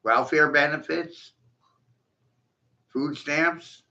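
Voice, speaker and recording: A man's voice: fairly high pitch, steady tone, extremely slow, creaky, sharp tone. A man in a profane, mocking rant, taunting his listeners and breaking into scornful laughs. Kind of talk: ranting monologue. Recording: dull lo-fi recording.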